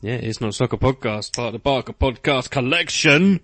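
A man's voice: mid-range voice, animated, moderate pace, a bit bright. A young man co-hosting a comedy podcast, joking around in a playful, casual way. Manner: playful, jokey, slips into silly voices. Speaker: podcast co-host.

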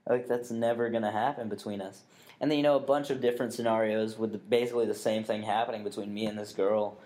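A young man with a dark, low-ish voice and fairly even intonation talks fast as he co-hosts a laid-back podcast. His storytelling wanders, heavy on swearing, fillers and restarts.

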